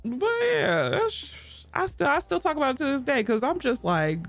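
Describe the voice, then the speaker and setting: Young woman streamer, animated and laughing, salty casual chat, soft music underneath. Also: high-pitched, normal speed. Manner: blunt, profane, laughs often.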